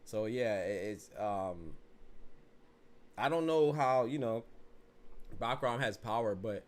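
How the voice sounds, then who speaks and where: A man hosting a podcast, giving casual, animated, rambling commentary that keeps circling back to "you know what I'm saying.". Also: fairly low pitch, takes it slowly. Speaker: podcast host.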